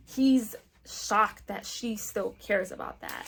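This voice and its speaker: A woman's voice: fairly high pitch, a little slow, gravelly, a bit bright. A young woman chatting casually in a book review vlog, often saying "like" and acting out the characters' lines. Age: young adult.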